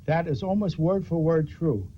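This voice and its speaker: A man's voice: on the high side, moderate pace. Older man, wry storyteller, talk show guest, lo-fi audio, faint hiss. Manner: wry, self-mocking anecdote teller.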